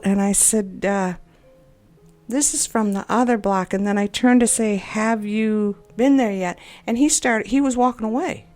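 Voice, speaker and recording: A woman talks through a frustrating encounter in a loose, rambling monologue. She sounds upset and exasperated and keeps doubting herself. Quiet music plays underneath. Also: mid-range voice. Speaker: game video creator. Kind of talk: personal venting monologue. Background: faint background music.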